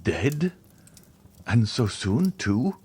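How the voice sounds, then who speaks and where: A man's voice: fairly low pitch, animated, normal speed, a little hiss or hum, lightly acted. A nervous magistrate blurts out urgent questions in a voice lifted a little above the reader's own, as a man plays him. He sounds startled and uneasy, a storybook figure under strain. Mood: alarmed. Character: anxious, horrified middle-aged male magistrate. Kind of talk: audiobook character voice.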